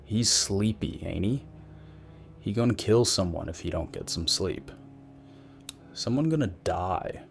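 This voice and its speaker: A man's voice: deep voice, lively intonation, unhurried, vocal fry, pauses often, a little hiss or hum, heavily acted. A man voicing a creepy sing-song woman passenger. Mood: ominous. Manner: soft, coaxing, sing-song.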